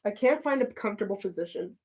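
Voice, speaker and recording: Woman, livestream host, casual and chatty, reads and answers chat, a bit flustered, mid-pitched voice. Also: expressive, a little mellow, slight background noise. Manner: chatty, reacts to chat messages, quick flustered restarts.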